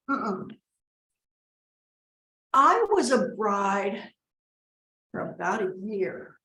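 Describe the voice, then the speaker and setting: A woman's voice: medium pitch, fairly bright tone, exaggerated voice. An actress playing a rambling middle-aged mother giving a wedding toast, who keeps breaking off to scold and coax her family. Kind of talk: comedic monologue. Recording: roomy echo.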